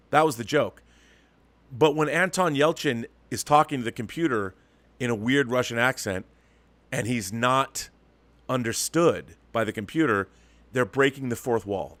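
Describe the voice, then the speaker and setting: A man's voice: mid-range voice, a bit bright, dry recording. A man hosting his own show, giving an emphatic, opinionated monologue with frequent restarts and repeated words. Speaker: show host.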